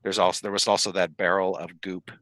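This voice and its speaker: A man narrating as dungeon master in a tabletop game, amused and lively. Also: sits low, a little fast, no room sound.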